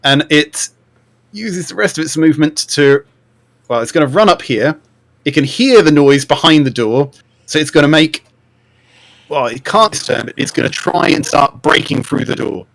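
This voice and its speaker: A man's voice: fairly high pitch, moderate pace, gravelly. A man acting as game master, narrating monster moves vividly for his players over a voice call. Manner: lively, vivid play-by-play of monster actions. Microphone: online voice call.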